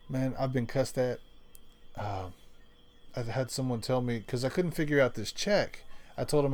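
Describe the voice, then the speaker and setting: A man's voice: mid-range voice, a little fast, darkish tone. A man telling rambling, profane work stories in casual chat, laughing often. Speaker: storyteller in casual conversation.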